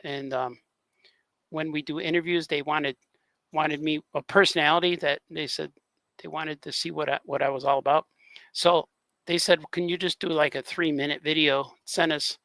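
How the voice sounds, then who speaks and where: A man with a gravelly edge and a slightly raised pitch, talking casually on a livestream. He rambles from story to story and laughs a lot, and the sound is close and dry with no room around it. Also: fairly bright tone, no echo. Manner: rambling, laughs often, drops into grunting impressions. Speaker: cartoonist co-hosting a livestream chat. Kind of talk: casual chat.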